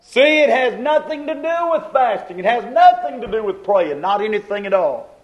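High-voiced preacher with a dramatic delivery. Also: male voice, big pitch swings, moderate pace. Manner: dramatic, swinging from loud exclamations to low asides; acts out quoted prayers and dialogues. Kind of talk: sermon.

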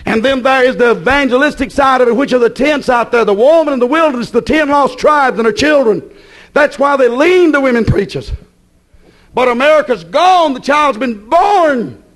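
High-voiced scolding preacher. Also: male voice, animated, moderate pace. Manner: folksy, scolding, swings from loud to low. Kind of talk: sermon.

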